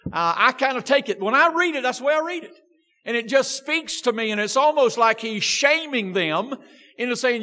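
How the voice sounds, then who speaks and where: A man's voice: very high-pitched, expressive, moderate pace, pushed and bright. A man preaching a sermon as pastor, reading scripture with strong emphasis and asking rhetorical questions in a church sanctuary. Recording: long church-hall reverb.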